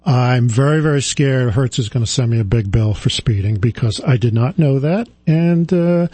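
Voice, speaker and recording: A middle-aged male radio host talks in an unhurried, rambling way, stopping often for ums and uhs as he restarts his thoughts. His voice is mellow and warm, and it comes across dry and close to the mic. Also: medium pitch, breathy edge, dry recording. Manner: rambling, hesitant, many fillers and restarts. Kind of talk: casual on-air storytelling.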